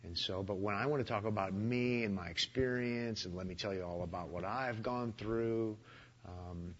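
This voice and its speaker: A man speaking bluntly in a conversational interview, with dry humor and thoughtful pauses. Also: lowish voice, dull audio.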